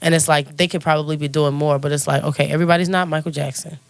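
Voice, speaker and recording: A young adult woman telling stories in a casual interview, chatty and animated, laughing often. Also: sits low, fast talker, no room sound. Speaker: guest singer. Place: recording studio.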